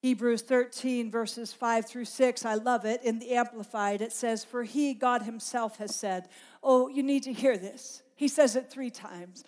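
A woman's voice: fairly high pitch, steady tone, measured pace, a little mellow. A woman preaching a sermon, impassioned and emphatic, building through repeated phrases.

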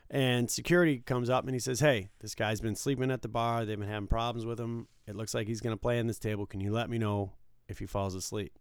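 A man with a gravelly yet smooth voice tells stories in a casual chat. He jumps into other people's lines and acts them out loudly. The sound is dry and close. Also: medium pitch, dry recording. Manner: animated storyteller, acts out quotes loudly. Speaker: casino dealer.

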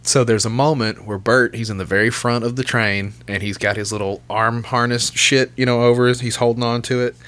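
A man's voice: mid-range voice, fairly even intonation, fairly quick, hardly any pauses, fairly bright tone. A man hosting a podcast in casual chat, telling loose, profane stories and laughing as he goes. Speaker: podcast host.

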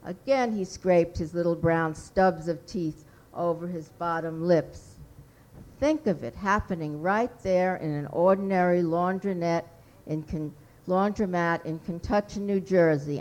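A woman reads her own short fiction aloud to a workshop group. Her voice sits low and her pace is slow and deliberate, lingering on each phrase. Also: darkish tone, poor audio. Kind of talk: reading a story aloud.

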